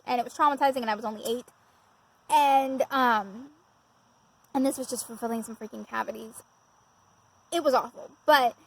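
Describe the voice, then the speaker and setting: A woman with a high, bright-sounding voice tells a personal story in a chatty, self-mocking way, laughing often. She is talking straight to her viewers from somewhere outdoors. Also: rough recording. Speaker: vlogger. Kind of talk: casual storytelling.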